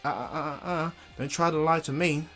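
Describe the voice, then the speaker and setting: A man voicing a brash, fiery young boy ninja who shouts battle cries and brags. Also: fairly high pitch, steady tone, brisk, faint music behind, voice pushed up, lightly acted. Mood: threatening.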